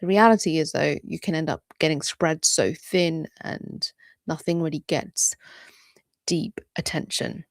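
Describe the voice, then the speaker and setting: Woman, 40s, vlog host; emphatic, conversational, slightly low pitch, dry recording. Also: unhurried, no room sound. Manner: chatty and emphatic, with dropped-voice asides. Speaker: creator coach and channel host. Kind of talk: direct-to-camera advice vlog.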